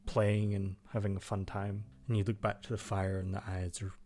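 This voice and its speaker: A man's voice: lowish voice, flat delivery, normal speed, darkish tone. A man narrating as game master, loose and full of fillers.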